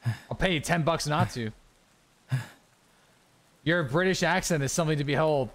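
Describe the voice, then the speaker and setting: A man's voice: a little high, animated, normal speed, long pauses. A young man, streaming a shooter game with joking, swearing running commentary. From Canada. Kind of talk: casual gameplay commentary.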